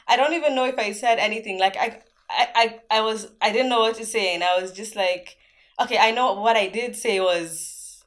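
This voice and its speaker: A young woman from Zambia talking straight to her camera in a relaxed question-and-answer vlog. Her pitch sits in a middling range, and she tells her stories in a loose, chatty way, filling the gaps with "like". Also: brisk. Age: young adult. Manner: chatty storytelling, many "like" fillers. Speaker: vlogger. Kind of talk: casual Q&A vlog.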